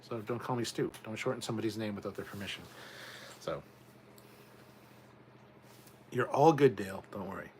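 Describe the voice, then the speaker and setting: Low-voiced man chatting on a livestream. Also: normal speed, long pauses, a little mellow, a little hiss or hum. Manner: chatty, rambling, reads viewer comments aloud; swears casually. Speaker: livestream host reading chat. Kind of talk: casual livestream chat.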